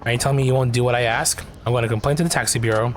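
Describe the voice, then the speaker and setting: A man's voice: mid-range voice, steady tone, racing, a little hiss or hum, close to an everyday voice. A man putting on a haughty, bossy woman passenger. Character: rude demanding woman taxi passenger.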